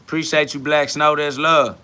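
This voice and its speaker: A young man talks in a slightly high, bright voice. He lectures his live chat in a blunt, profane, preachy monologue that swings between scolding and boasting. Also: level tone, moderate pace, clean tone. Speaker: podcast host answering live chat.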